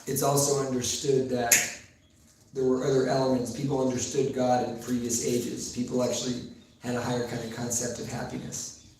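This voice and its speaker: A man giving a sermon in a temple hall, telling stories with pauses and fillers, recorded far from the mic in a very echoey room with faint noise. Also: mid-range voice, little pitch movement. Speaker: preacher.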